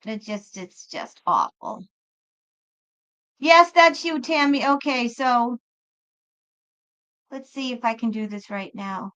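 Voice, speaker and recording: A woman's voice: fairly high pitch, slow pace, long pauses, a bit bright, rough recording. A woman who reads tarot, hosting a live stream and chatting in a rambling way, often breaking off and starting her sentences again. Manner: rambling, chatty, self-interrupting. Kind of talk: casual live-stream chat.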